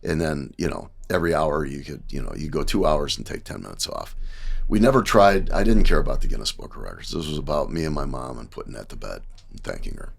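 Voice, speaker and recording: A man in his sixties from the American Midwest, telling lively anecdotes as a podcast guest and often checking in with "right?". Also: rumbling low, fast talker, vocal fry, husky. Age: 60s. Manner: animated anecdotes, acting out dialogue, frequent "right?". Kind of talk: casual storytelling.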